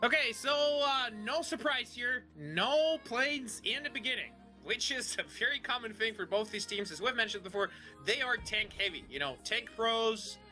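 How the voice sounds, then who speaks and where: A man commentating a live tank game match, excitable and jokey, quick to laugh. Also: very high-pitched. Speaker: esports commentator. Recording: faint music behind.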